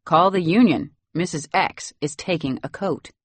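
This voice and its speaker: A woman's voice: fairly low pitch, normal speed, slightly rough, no echo. A woman voicing an imperious old Boston grandmother. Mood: haughty. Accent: Boston Brahmin. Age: over 60. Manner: imperious, acid, sarcastic. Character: haughty elderly upper-class grandmother. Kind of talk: audiobook character voice.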